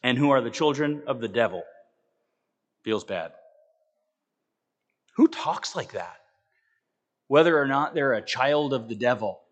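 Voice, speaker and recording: A man preaching a sermon, earnest and emphatic, talking straight to the congregation with conversational asides and sudden swings between loud and quiet. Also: mid-range voice. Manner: earnest, emphatic, rising and falling with dramatic swings in volume.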